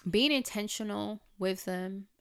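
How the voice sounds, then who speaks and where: A woman's voice: medium pitch, measured pace, vocal fry, fairly bright tone, clean tone. A woman reflecting on raising her nieces in candid personal chat, with plenty of "like" and "um". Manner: candid, chatty, with frequent "like" and "um".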